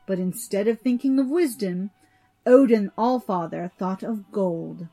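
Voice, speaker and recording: A woman narrating an old myth in an even, measured storybook reading. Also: mid-range voice, soft background music.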